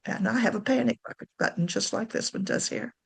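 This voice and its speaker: A woman's voice: mid-range voice, a little fast, gravelly, slightly rough. A woman giving a casual talk on writing to camera, chatty, correcting herself and laughing often. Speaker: writing coach.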